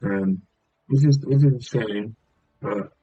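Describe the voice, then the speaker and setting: A man's voice: mid-range voice, very animated, takes it slowly, vocal fry, dark tone, dull audio. A man from England with a southern English accent, chatting casually as a game streamer, rambling and dotting his talk with filler sounds. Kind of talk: rambling casual chat while gaming.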